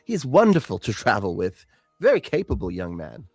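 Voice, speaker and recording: A low, gravelly bard full of easy charm, as a man voices him. The voice is close and dry, with small stammers on restarts. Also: huge pitch swings, moderate pace, no room sound, heavily acted. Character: vain, smooth-talking half-elf bard man. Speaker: player.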